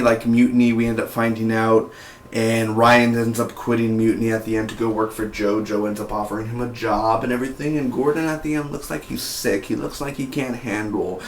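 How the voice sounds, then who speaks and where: Casual male reviewer, mid-pitched, loose rambling delivery, roomy echo. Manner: rambling, heavy on "like" and "you know". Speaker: TV series reviewer.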